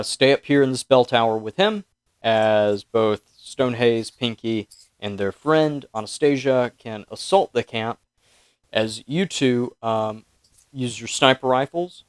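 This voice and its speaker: A man's voice: medium pitch, clean tone, dry recording. Dry-voiced man running a tabletop game. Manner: halting, many fillers. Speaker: game master.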